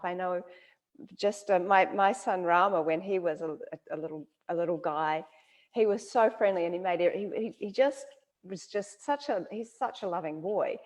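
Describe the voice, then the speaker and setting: A woman with a New Zealand accent hosting an interview, telling lively stories and laughing often. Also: mid-range voice. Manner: animated storyteller, laughs often. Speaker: interview host. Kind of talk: casual conversational interview.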